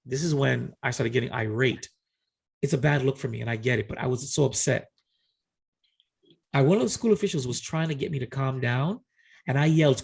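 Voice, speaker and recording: A middle-aged man, a podcast co-host, telling a personal story in casual chat, animated and acting out conversations with frequent restarts. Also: mid-range voice, brisk, gravelly, husky.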